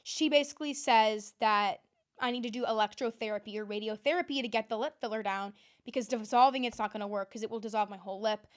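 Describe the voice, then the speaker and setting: A young woman in her twenties hosts her own podcast and tells a long personal story. She talks in a casual, animated way, full of fillers. Her voice sits a little high. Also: quick pace. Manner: chatty, animated, lots of "like". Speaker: podcast host.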